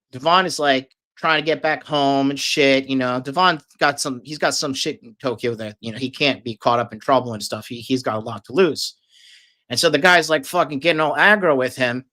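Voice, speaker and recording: Bright-voiced man telling a rambling story. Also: mid-range voice. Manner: profane, rambling, filler-heavy. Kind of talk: casual storytelling.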